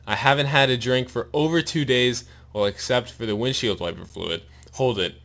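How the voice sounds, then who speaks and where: Man reading a croaking, bewildered stranded man. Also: mid-range voice, normal speed, fairly bright tone, natural voice. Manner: croaking, questioning. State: sore mouth after wisdom tooth removal.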